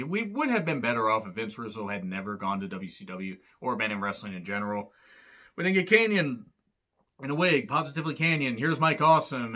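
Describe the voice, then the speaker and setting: A man with a bright, forceful voice recaps a wrestling broadcast in a loose, unscripted way. He rants in exasperation and drops frequent profanity. His asides land with dry sarcasm. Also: medium pitch. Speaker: wrestling show reviewer. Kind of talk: casual recap commentary.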